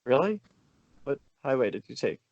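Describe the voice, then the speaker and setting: A young man from Maryland trades deadpan, teasing jabs in a casual podcast chat. His voice is mid-pitched. It is recorded close and dry. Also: normal speed, dry recording, highs cut off. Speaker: podcast co-host.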